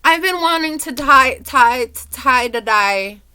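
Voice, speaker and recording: A young woman vlogging at home, low and teary, rambling with lots of "like". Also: lively intonation, slow pace, bright, forceful tone, smooth, dry recording. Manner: rambling, says "like" often. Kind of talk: casual confessional vlog.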